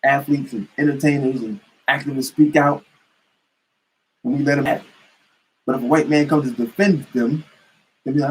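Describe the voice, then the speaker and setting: A man's voice: medium pitch, fairly even intonation, moderate pace, pauses often, slight background noise, rough recording. A man giving an emphatic, repetitive political rant to camera as a commentator.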